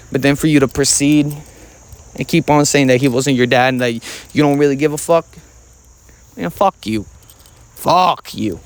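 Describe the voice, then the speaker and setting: A man speaking in a plain mid-range voice, talking casually straight to the listener. He is angry and swears constantly, hitting his words hard for emphasis. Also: mid-range voice. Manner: angry, heavily profane, emphatic. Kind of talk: casual storytime monologue.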